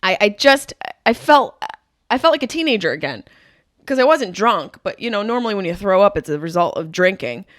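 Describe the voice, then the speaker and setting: Lively comedic woman ranting. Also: mid-range voice, a little fast, dry recording, studio quality. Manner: animated, profane, riffing with mock rants. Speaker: podcast host. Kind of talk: comedic monologue.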